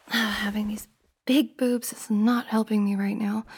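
A young woman performing a one-sided role-play monologue, flustered and breathy, with frequent sighs and half-whispered lines. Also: fairly high pitch.

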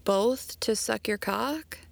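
A woman's voice: fairly high pitch, slow pace, creaky, no echo. A woman in a whispered role-play, talking in a teasing, coaxing way and often dropping to a whisper.

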